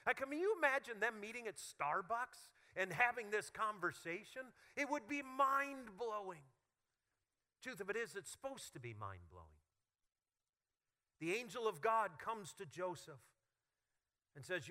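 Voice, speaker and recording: A male pastor preaching a sermon with humorous, animated storytelling. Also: sits high, a little slow.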